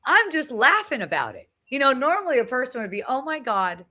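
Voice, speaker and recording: An earnest middle-aged woman talks casually on a live phone video, circling back over her own phrases and checking in with "right?" Her voice sits a little high and rings bright and forceful. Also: wildly swooping pitch, fast talker. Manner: earnest, repeats phrases, frequent tag "right?". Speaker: spiritual talk host. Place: outdoors at a beach.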